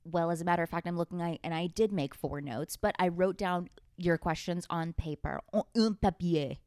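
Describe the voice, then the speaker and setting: A young woman chats through her podcast from a beanbag at home, loose and joking. She teases herself and swears freely. Her voice sits a little low and sounds close and dry, with no room around it. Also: fairly even intonation, fairly quick, darkish tone, smooth, no room sound. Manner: playful, self-mocking, swears casually. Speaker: podcast host. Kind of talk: casual chat.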